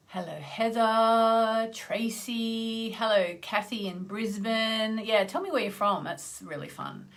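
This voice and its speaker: Woman, mid-pitched, chatty live-stream astrologer who greets viewers and clears her throat often. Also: animated, unhurried, a bit bright. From Australia (Tasmania). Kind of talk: casual live-stream chat.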